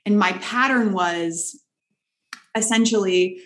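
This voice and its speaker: A woman guest in a conversational interview, telling her story in an earnest, animated way. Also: medium pitch, takes it slowly. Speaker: guest, leadership author.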